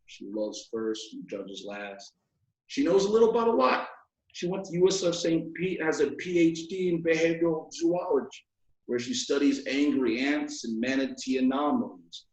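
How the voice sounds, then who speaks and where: A man's voice: medium pitch, normal speed, darkish tone. Young man reading poems in an echoey room. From Alaska, USA. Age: 20s. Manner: rhythmic, playful delivery. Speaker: poet guest. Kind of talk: poetry reading and casual chat.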